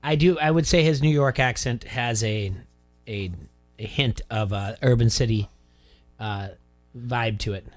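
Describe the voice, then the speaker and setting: A man's voice: mid-range voice, measured pace, soft background music. A young man co-hosting a sports talk radio show, easygoing and teasing in casual banter.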